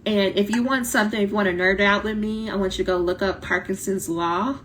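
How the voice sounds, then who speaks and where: Blunt, animated woman coaching students. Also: mid-range voice, quick pace, slight background noise. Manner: animated, blunt, talks directly to viewers, acts out quoted voices. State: voice starting to tire. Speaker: dissertation coach. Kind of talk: live-stream coaching talk.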